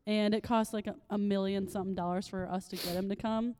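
A woman's voice: medium pitch, fairly even intonation, quick pace, warm tone. A young woman chatting on a podcast, telling a story with lots of fillers. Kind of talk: casual chat.

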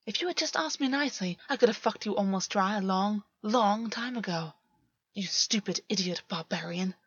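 A woman's voice: medium pitch, normal speed, slightly rough, no room sound, highs cut off, natural voice. A woman voicing a mocking, crooning fae man. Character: taunting cunning male fae man.

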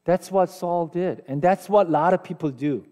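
His voice sits high and sounds dark, moving at a normal speed. This Korean-accented pastor in his forties preaches in a relaxed, self-deprecating style, asking the audience questions, and the sound has a long hall reverb.

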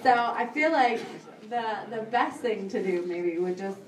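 A woman's voice: fairly high pitch, animated, unhurried, very noisy. A young woman from Texas, out of breath and a little nervous, rambling and laughing as she answers questions on a convention panel. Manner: giggly, nervous, rambling with fillers. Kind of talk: casual panel Q&A. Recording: echoey room, from far off.

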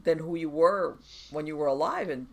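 A podcast host who talks about the paranormal with an emphatic, explanatory manner, stopping to restart and checking that the guest is following. The voice sits at a middle pitch, and the talk is a casual conversation. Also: normal speed, creaky.

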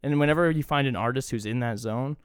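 A young man co-hosting a casual podcast, talking with loose enthusiasm and swearing freely. His voice is smooth and clear, recorded dry and close. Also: mid-range voice, fast, no echo. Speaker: podcast co-host. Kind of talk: casual chat.

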